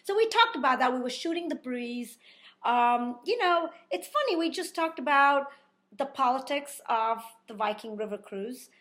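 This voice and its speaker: High-voiced woman telling a lively story. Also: normal speed. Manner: animated, laughing, with many fillers. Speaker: vlogger. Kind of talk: casual storytelling.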